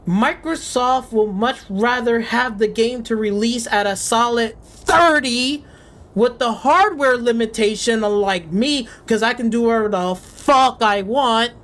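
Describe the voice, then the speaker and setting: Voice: medium pitch, unhurried, a bit bright. A game streamer ranting in casual live commentary, swearing freely and sarcastic, faking panic and often repeating words. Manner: profane, sarcastic, mock panic.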